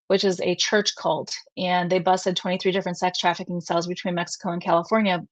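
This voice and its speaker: A woman's voice: fairly low pitch, dry recording. Earnest woman telling a personal story. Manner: emotional, earnest, quotes others at length. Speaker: guest. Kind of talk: conversational storytelling.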